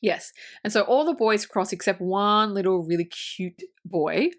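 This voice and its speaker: A woman co-hosting a casual movie podcast, retelling scenes with lively acted-out lines, laughter and swearing. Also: medium pitch, measured pace. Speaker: podcast co-host. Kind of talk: casual film review chat.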